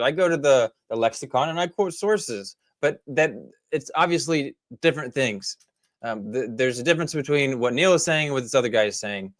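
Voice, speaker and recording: A man's voice: on the high side, fairly bright tone, dry recording, studio quality. A man giving casual commentary over clips, rambling with many fillers and restarts, critical and exasperated. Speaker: commentary host.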